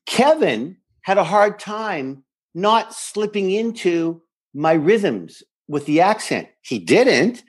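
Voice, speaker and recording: A man's voice: high-pitched, slow, slightly rough. Middle-aged guy on a podcast, voice jumps around a lot, chatty and playful. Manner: animated, acts out lines from scenes. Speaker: podcast co-host. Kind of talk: casual rewatch chat.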